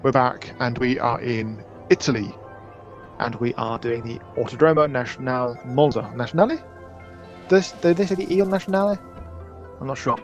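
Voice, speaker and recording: A man's voice: medium pitch, normal speed. A man hosting a casual gameplay video, chatting and rambling as he plays with a friend. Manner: chatty, rambling, laughs easily. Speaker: gaming channel host. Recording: music and game sounds behind.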